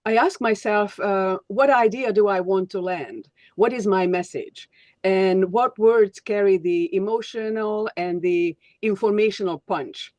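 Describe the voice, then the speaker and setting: A woman's voice: medium pitch, unhurried, a little mellow, no room sound, muffled recording. A woman leadership coach speaks over a video call with many hesitations and restarts. The sound is dry and close. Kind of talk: online workshop presenting.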